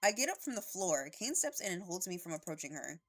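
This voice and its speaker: A woman's voice: on the low side, sing-song, brisk. Streamer woman narrating a dating game. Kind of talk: reading a dating-sim game aloud.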